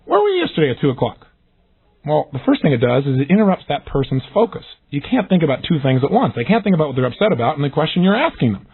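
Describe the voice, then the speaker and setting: A man giving an energetic recorded self-help lesson, acting out the questions he describes in lively voices. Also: a little high, fast, hardly any pauses, slightly rough. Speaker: motivational speaker. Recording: tinny phone-like audio.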